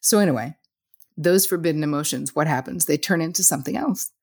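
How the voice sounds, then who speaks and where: A woman with a deep, low voice talks as a therapist guest in a relaxed interview. She tells stories with energy, slipping into other people's lines and cursing mildly along the way. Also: fairly quick, slightly rough. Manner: lively storyteller, acts out dialogue, casual swearing. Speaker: psychotherapist and author as guest. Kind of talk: casual interview chat.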